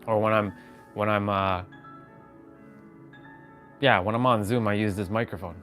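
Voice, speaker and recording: A man's voice: fairly low pitch, fairly even intonation, a little slow, a bit bright, faint music behind. A man chatting casually on a live stream from his phone at home, rambling and greeting viewers by name. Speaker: vlogger. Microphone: phone on gimbal.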